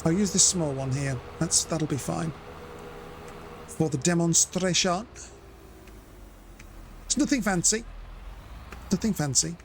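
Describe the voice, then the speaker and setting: A man's voice: a little high, slow, gravelly, pauses often, slight background noise. A man giving chatty live commentary as he plays and explains his method step by step. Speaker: streamer.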